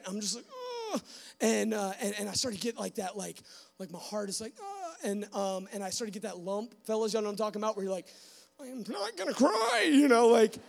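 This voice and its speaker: A young man with a high-pitched, creaky voice tells his testimony to a live church audience. He's animated, uses lots of fillers, and acts out snippets of dialogue as he tells the story, sermon style.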